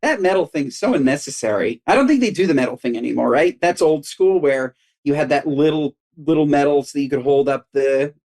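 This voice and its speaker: A man co-hosting a podcast, joking in animated casual chat with his pitch swinging up and down. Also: a little fast, few pauses. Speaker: podcast co-host.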